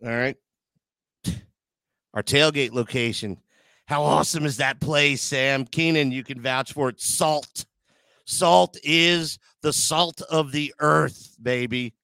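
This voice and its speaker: A man's voice: on the high side, slow, gravelly, bright, forceful tone, clean tone, dry recording. A man hosting a casual live chat show, joking crudely and getting sentimental with his audience. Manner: joking, crude banter, emotional asides. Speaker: podcast host.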